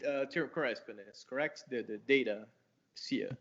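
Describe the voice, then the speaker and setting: A Brazilian man hosting a video call talk, speaking halting English with a Brazilian Portuguese accent. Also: mid-range voice, a crowd in the background. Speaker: host. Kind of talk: casual video call chat. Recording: slightly dull video call audio.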